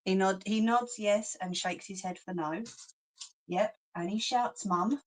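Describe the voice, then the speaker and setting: A woman with a London accent chats casually on a livestream and reads comments aloud. Her pitch sits in the middle, and she talks with cheeky slang and frequent laughs. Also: measured pace. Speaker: craft channel host.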